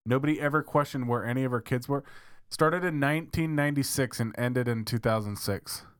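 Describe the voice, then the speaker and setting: A man co-hosting a podcast with a dry, offhand manner and blunt remarks. His voice sits at an ordinary mid pitch. It is recorded close and dry, with no room sound. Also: brisk, clean tone, no echo. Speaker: podcast co-host. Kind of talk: casual chat.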